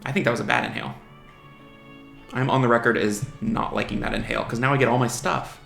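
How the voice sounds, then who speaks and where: Gravelly man muttering game commentary. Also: medium pitch, steady tone, fast talker, fairly bright tone. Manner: chatty, mutters strategy aloud, teases opponents' monsters. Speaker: gaming channel host. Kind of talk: casual live game commentary. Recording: roomy home recording with faint music.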